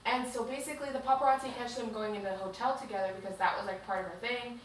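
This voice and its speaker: A woman co-hosting a podcast recaps a book in a chatty, rambling way full of "like," speaking fast in a voice on the high side with fairly even intonation. The mic is distant in a very echoey room, with faint hiss.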